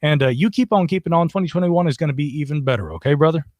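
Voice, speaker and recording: A man hosts a late-night call-in show, talking in an upbeat, chatty way with plenty of fillers. His voice sits fairly high. The sound is dry and close. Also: very fast, a little mellow, no echo. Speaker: podcast host. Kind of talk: casual call-in show chat.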